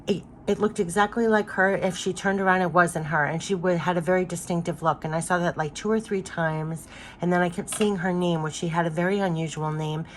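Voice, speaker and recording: A woman's voice: lowish voice, steady tone, fairly quick, slight background noise. Chatty woman with allergy-congested voice. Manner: chatty, repetitive, with frequent fillers and laughs. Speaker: spiritual card reader. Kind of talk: casual spoken card reading.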